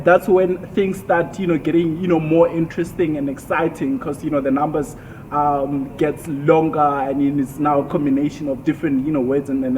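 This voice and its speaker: A man teaching a spoken language lesson in a casual way, with many fillers, and repeating words slowly to model pronunciation. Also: on the high side, slight background noise, poor audio.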